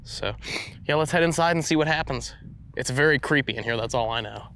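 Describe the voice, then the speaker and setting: A man's voice: mid-range voice, brisk, slight background noise. A man hosting a paranormal investigation, talking through his readings with a nasal, stuffed-up voice from allergies. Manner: excited, narrating readings aloud. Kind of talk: ghost-hunting commentary.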